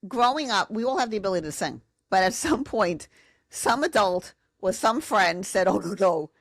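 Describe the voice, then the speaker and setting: A woman's voice: mid-range voice, animated, moderate pace, fairly bright tone, dry recording. A woman speaking as a podcast guest, a sound therapist telling her story in casual conversation and acting out quotes in big voices.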